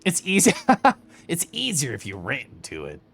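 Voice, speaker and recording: A young man streaming a game, chatting casually with his viewers in a flowing, animated monologue and laughing often. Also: a little high, moderate pace, gravelly, breathy edge. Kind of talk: casual live-stream chat while gaming.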